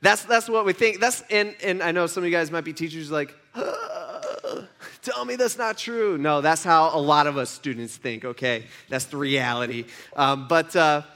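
A man's voice: a little high, fairly even intonation, normal speed, hardly any pauses, bright, forceful tone. A man giving a casual, chatty sermon, telling a story and checking in with his audience. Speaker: pastor.

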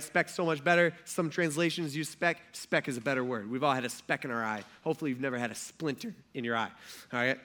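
A man preaching a sermon in a casual, conversational way, acting out quotes as he talks. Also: a little high. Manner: conversational and animated, acts out quotes. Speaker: pastor.

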